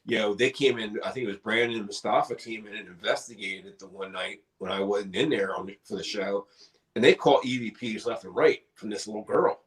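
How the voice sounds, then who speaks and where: A middle-aged man, a paranormal investigator, telling a story casually in a live interview, animated and swearing freely. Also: lowish voice, a little fast, low-quality recording. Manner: animated, swears casually, acts out quoted dialogue.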